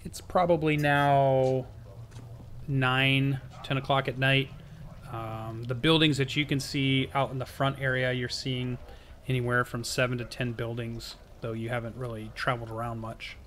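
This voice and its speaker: A man running a tabletop game as dungeon master, calmly describing the scene to the players. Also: medium pitch, measured pace, slight background noise.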